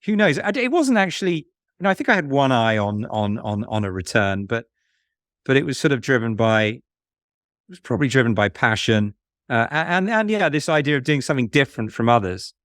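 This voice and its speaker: A man being interviewed about investing, speaking in a musing, halting way with many restarts. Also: medium pitch, very animated, fairly bright tone, no room sound, studio quality. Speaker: fund manager guest. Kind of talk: conversational podcast interview.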